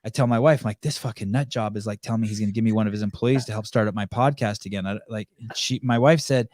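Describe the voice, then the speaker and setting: A man's voice: fairly low pitch, fast talker, few pauses, a little mellow, dry recording, studio quality. A man hosting a podcast, telling a story in casual, profane chat and acting out the dialogue. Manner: profane, acts out quoted dialogue. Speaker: podcast host.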